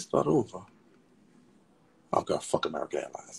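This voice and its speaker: A man hosting a casual gossip livestream, talking in a sassy, chatty, profane way with a raspy voice. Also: mid-range voice, big pitch swings, a little fast, darkish tone. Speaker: livestream host.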